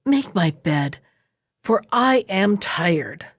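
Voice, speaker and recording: A big, gruff ogre from a fairy tale thunders out his demands, slow and heavy, sniffing for intruders, voiced by a woman reading aloud. The sound is close and dry. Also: expressive, no echo. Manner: booming and demanding. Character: huge hungry male ogre, gruff and suspicious.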